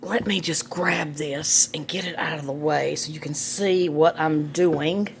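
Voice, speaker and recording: A woman's voice: low voice, fairly even intonation, measured pace, gravelly, a little hiss or hum. A middle-aged woman, chatting folksily through a cooking demonstration in her home kitchen and laughing often. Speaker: home cook, vlog host.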